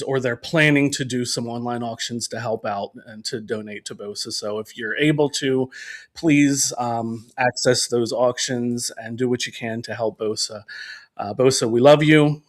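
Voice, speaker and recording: A man hosting a podcast in casual chat, rambling with many fillers and laughing easily. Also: mid-range voice. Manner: rambling and conversational, with frequent fillers and restarts; laughs easily between remarks. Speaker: podcast host.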